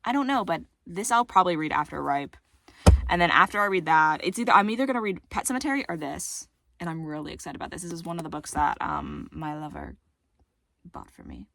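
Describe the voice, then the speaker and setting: A woman's voice: fairly low pitch, fast, creaky, fairly bright tone, no echo. A teenage girl chatting casually to her viewers about books, rambling and self-deprecating, full of fillers, with a voice that cracks. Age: teens. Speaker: book vlogger. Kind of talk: casual chat to camera.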